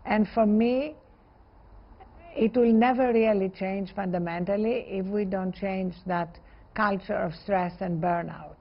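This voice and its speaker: A woman with a gravelly, fry-tinged voice answers in a conversational interview. She speaks earnestly and with emphasis, in measured phrases. The sound is slightly dull and muffled. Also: mid-range voice. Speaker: interview guest.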